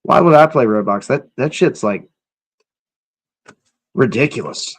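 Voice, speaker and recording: A man's voice: medium pitch, expressive, unhurried, husky. A man hosting a casual live stream, reacting to clips and chatting with viewers in an offhand, profane way. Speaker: livestream host.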